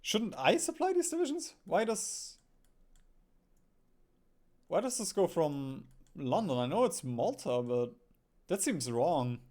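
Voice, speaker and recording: A man's voice: a little high, sing-song, slow, pauses often, darkish tone. A young man streaming a strategy game, thinking aloud, musing and chuckling as he plays. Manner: muses aloud, often chuckles. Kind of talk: thinking-aloud gameplay commentary.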